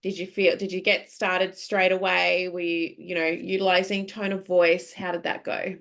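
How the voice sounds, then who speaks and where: A woman's voice: on the low side, little pitch movement, moderate pace, creaky, a bit bright. A woman with an Australian accent hosting a podcast interview, chatty and encouraging, laughing easily. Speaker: podcast host. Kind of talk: casual interview chat.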